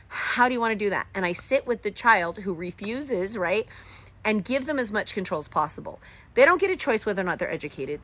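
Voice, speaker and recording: Bright, animated woman hosting a live chat. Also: lowish voice. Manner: animated, talks in quick bursts and acts out dialogue. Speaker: host of a live homeschooling session. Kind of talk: live-stream chat answering viewer comments.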